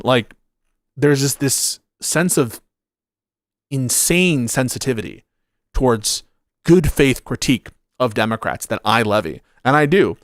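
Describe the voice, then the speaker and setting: A man's voice: mid-range voice, no room sound, clean studio sound. A man streaming political commentary, blunt and profane, rambling as he searches through viewer comments. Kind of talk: livestream commentary reading chat.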